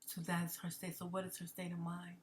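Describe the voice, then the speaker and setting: A woman's voice: fairly low pitch, monotone, a little fast, a little hiss or hum. A woman giving an emotional commentary monologue, often dropping to a whisper and repeating herself. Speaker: commentary vlogger.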